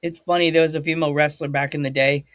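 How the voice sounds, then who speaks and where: A man's voice: a little high, level tone, fast talker, a bit bright, no room sound, clean studio sound. A man hosting a live-streamed interview show over a video call, rambling and joking at his own expense. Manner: rambling, jokey, self-mocking. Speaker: podcast host.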